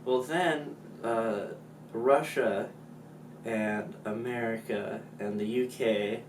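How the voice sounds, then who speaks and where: A man explains history in a slow, casual, joking way, with lots of fillers. His voice echoes in a room and sounds a little distant from the mic, with faint room ambience behind. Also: mid-range voice, a little hiss or hum. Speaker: student presenter.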